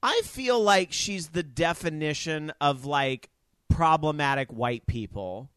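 A man in casual chat, exclamatory and lively, swearing freely. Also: on the high side, slow pace, clear, resonant tone, no echo.

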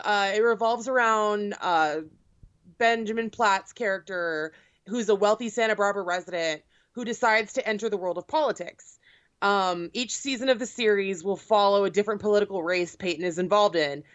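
A woman's voice: mid-range voice, a bit bright, no room sound. A woman in casual chat, talkative and sarcastic with lots of fillers. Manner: chatty, sarcastic, full of fillers. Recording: dull lo-fi sound, dry.

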